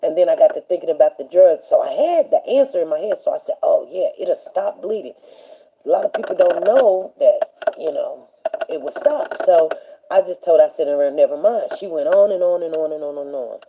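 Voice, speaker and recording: A woman's voice: on the low side, expressive, brisk, vocal fry, mellow, breathy edge, rough recording. A woman hosting a show, telling a long personal story in a rambling, casual way and acting out the people she quotes. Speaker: show host.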